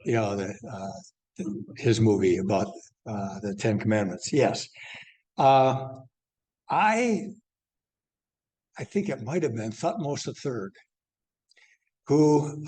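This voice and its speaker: An older man lecturing a church class, halting and rambling with many fillers and restarts. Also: mid-range voice, darkish tone. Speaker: class teacher.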